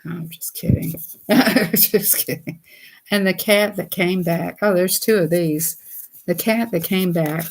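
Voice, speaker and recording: A woman reads children's books aloud at a slow, unhurried pace. Her voice sits fairly low, and she keeps breaking off to giggle and chat with her viewers. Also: creaky. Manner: chatty, giggly, talks to viewers, reads slowly. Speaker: vlogger reading children's books. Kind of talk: casual read-aloud chat.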